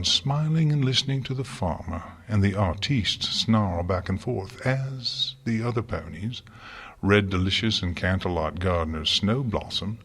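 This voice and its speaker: A man narrating an audiobook in a measured, reflective way. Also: on the low side, a bit bright, husky.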